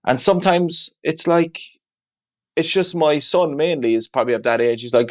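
A man's voice: on the high side, normal speed. A man speaking as a father in an interview, reflective and open, talking candidly with frequent "you know" asides. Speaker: guest; father of two.

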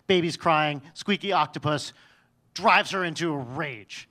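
A man's voice: a little high, unhurried, bright, forceful tone. A man telling a personal story on stage in a wry, self-mocking way, often restarting his sentences.

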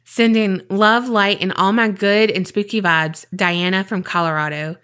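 A woman with a Southern US accent hosts a podcast, reading a listener's email aloud before slipping into loose, rambling chat. Her talk is full of fillers and casual swearing, and her voice sits at an ordinary middle pitch. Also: fairly even intonation, unhurried, fairly bright tone, smooth. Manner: chatty, lots of fillers and swearing. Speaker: podcast co-host.

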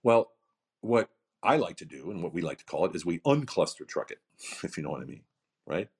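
A man's voice: sits low, big pitch swings, brisk, gravelly, darkish tone, husky. A middle-aged man giving emphatic motivational podcast talk, full of repetition and rhetorical questions. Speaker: founder of a coaching program, podcast guest.

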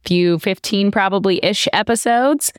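A woman co-hosting a casual faith podcast, talking candidly and earnestly and quickly agreeing with her partner. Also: mid-range voice, clean tone, no room sound, studio quality. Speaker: podcast co-host.

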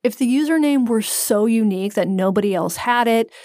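A woman's voice: a little high, a little fast, dark tone, dry recording. Wry woman podcast co-host, dry sound. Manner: wry, storytelling explainer. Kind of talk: casual chat.

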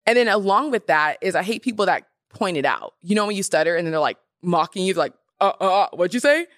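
Young woman podcast host, fairly low voice, dry close sound, sassy and emphatic chat. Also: fast, dry recording. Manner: animated, emphatic, sassy asides. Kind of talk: casual chat.

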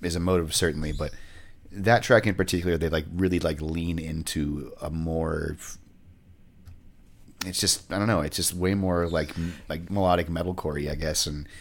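Deep-voiced man reviewing music casually. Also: fairly even intonation, moderate pace. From rural California. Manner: rambling, frequent restarts and laughter. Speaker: podcast co-host.

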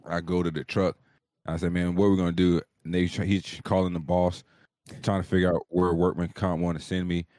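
Male, very low voice, dry close sound, profane animated storyteller, casual. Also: fairly quick, no room sound. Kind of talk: casual storytelling on a live show.

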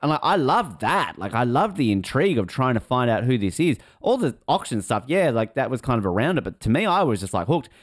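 Rambling man on a lively podcast. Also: medium pitch, a little fast, few pauses, no echo, studio quality. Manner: rambling, self-interrupting, laughs often. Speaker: podcast co-host. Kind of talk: casual chat.

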